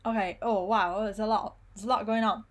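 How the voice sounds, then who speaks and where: Her mid-range voice keeps a fairly even intonation as she teaches Italian pronunciation online in a live session. She drills students by slowly and carefully modeling syllable after syllable.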